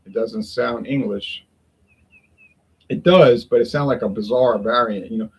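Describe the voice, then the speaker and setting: Casting: gravelly, husky-voiced man, rambling folksy vlog chat at home. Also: mid-range voice, measured pace, low-quality recording. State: sweating in the heat. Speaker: beer review vlogger. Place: home in Toronto, windows open.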